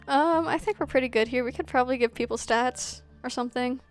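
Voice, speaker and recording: A young woman streaming a game, chatting casually and rambling with lots of "like". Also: high voice. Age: young adult. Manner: rambling, fillers of "like". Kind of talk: casual gameplay chat.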